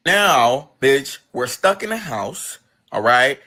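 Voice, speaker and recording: A man's voice: mid-range voice, very animated, takes it slowly, pushed and bright. A man telling his personal story in an emphatic, profane way, with sudden outbursts. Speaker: guest telling his life story on a livestream.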